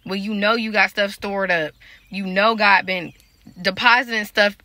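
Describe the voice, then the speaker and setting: In a casual spiritual vlog, a woman who works as a prophetic dreamer and life coach chats with viewers about faith and relationships. Her medium-pitched voice is pushed and bright, with fairly even intonation and a moderate pace, and the recording is dry. She keeps it loose and speaks straight to her audience.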